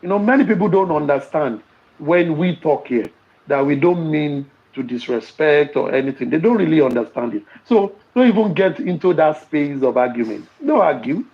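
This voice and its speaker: A man's voice: a little high, lively intonation, moderate pace, dull audio. A man with a Nigerian accent in casual podcast talk, preaching and telling stories with rhetorical questions.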